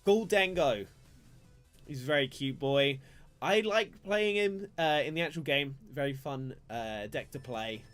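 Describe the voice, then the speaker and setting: A young man with a fairly high, slightly bright voice chats casually with his live-stream viewers while opening trading cards. His intonation is lively, his pace a little slow, and his commentary rambles with plenty of self-deprecation. Faint music plays in the background.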